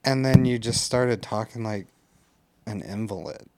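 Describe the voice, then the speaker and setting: A man's voice: lowish voice, measured pace, dark tone, no room sound. A man co-hosting a podcast, trading crude jokes with a friend, laughing and swearing often. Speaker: podcast co-host. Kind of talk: crude casual banter.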